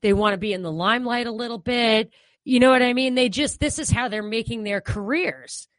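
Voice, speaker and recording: A woman from New York with a New York accent, co-hosting a casual political talk show and talking in an animated, opinionated way full of "you know" fillers. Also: on the high side, fairly quick, no room sound.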